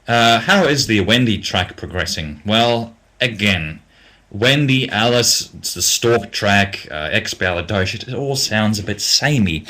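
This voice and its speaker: A young Australian man, a music producer, answering viewer questions in a casual live Q&A, halting with many ums and restarts, blunt in his opinions, and getting tired. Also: deep voice, sharp tone.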